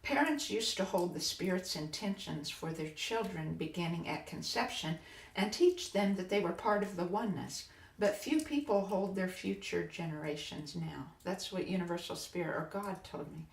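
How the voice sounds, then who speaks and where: A woman podcast host and biofield tuner telling a personal spiritual story in a soft, earnest way, often halting and restarting. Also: lowish voice, expressive, creaky. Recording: roomy echo, distant from mic.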